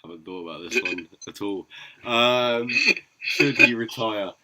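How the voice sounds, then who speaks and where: Lowish bright male co-host, umms and restarts a lot. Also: unhurried, low-quality recording. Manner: hesitant, many fillers. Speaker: podcast co-host. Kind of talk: casual debate.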